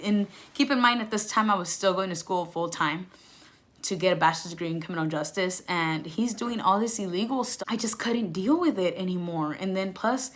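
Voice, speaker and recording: A young woman recounts her own story for her viewers in a casual vlog voice, candid and emphatic. She leans on "like" and "you know" all through her talk. Her level swings from loud outbursts down to soft, almost whispered stretches. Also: medium pitch. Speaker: vlogger.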